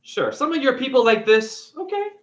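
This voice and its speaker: A man with a fairly high voice rants casually about a film. He swears freely and jumps into little acted bits of each character. His pitch swings widely from line to line. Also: normal speed. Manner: profane, animated, acts out characters. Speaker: spiritual video creator. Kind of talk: casual rant retelling a movie.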